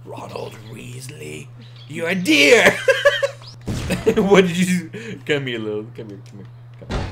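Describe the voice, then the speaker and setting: A gaming video host giving let's play commentary, excitable, breaking into shrieking laughs and shouts. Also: mid-range voice, unhurried, background noise. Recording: loud background music.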